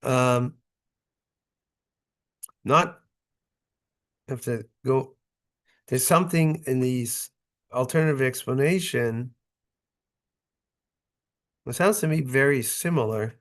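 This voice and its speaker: Speaking at a slow pace with long pauses, this man has a mid-range voice. He is a rabbi giving a Torah lesson, reading verses in brief Hebrew phrases and explaining them in English. His tone is conversational, and he keeps asking his listeners "right?" and "okay?"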